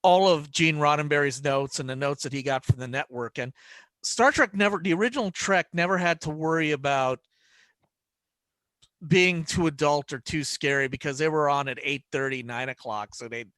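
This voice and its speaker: A man's voice: on the high side, moderate pace, a bit bright, dry recording. Rambling man telling stories in dry sound. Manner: rambling storyteller, many restarts, acts out quotes. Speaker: podcast panelist. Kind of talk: casual panel chat.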